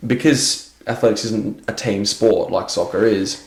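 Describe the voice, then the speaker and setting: A man's voice: fairly low pitch, unhurried, darkish tone. A man in a casual podcast chat, speaking in an easygoing, reflective way. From Adelaide, Australia. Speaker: podcast guest, athlete. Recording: echoey room.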